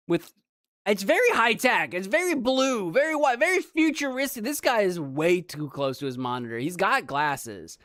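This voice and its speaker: An American woman streaming a video game, rambling in an animated, giggly way. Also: fairly low pitch, no echo, clean studio sound. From United States. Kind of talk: casual let's play commentary.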